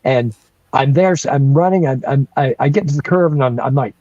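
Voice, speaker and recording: A man in his sixties from North Carolina, a guest telling a childhood story in a casual, animated way, with frequent laughs and restarts. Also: medium pitch, fairly quick, no echo, highs cut off. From North Carolina, USA.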